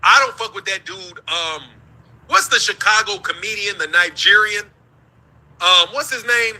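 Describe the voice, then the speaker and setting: A man's voice: high-pitched, a little slow, pushed and bright, low-quality recording. A man from the United States hosting a show, ranting in heated, profane commentary and laughing between his points.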